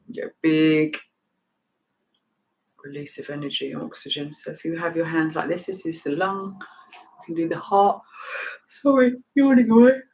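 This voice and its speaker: A woman's voice: sits low, a little mellow, rough recording. A woman guides listeners through stretches and held breaths in an easygoing, unscripted way. Her instructions wander and restart, moving from topic to topic before coming back to the next breath. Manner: loose, rambling instruction with frequent restarts. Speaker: meditation and breathing teacher.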